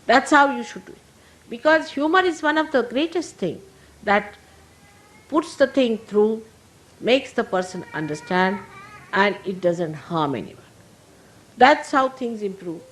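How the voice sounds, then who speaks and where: An older woman with an Indian accent, a spiritual teacher giving a gentle, humorous sermon to her followers. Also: a little high, lively intonation, unhurried, long pauses, poor audio. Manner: gentle, humorous, laughing as she talks.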